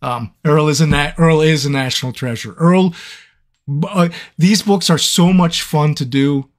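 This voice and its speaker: On a live Q&A stream, an audiobook narrator trades playful banter and stories with fans. His voice sits on the high side, his delivery animated and a little slow.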